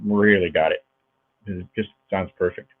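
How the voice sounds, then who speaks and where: A man's voice: low-pitched, steady tone, moderate pace, no room sound. A male actor and dialect coach, a guest on a video-call interview, talking in a rambling way with many restarts. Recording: tinny lo-fi video call audio.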